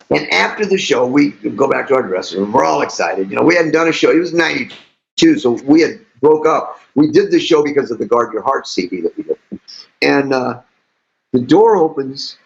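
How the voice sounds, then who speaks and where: An older man, a musician guest, telling animated stories in an interview with frequent laughter. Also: medium pitch, moderate pace, creaky. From St. Louis, USA. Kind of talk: storytelling interview. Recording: dull lo-fi audio.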